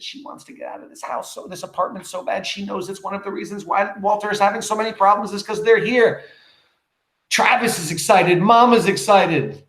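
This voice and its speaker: A male teacher reading a play aloud and breaking off into animated, emphatic explanations for his class. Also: medium pitch, roomy sound. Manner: animated, emphatic asides to students.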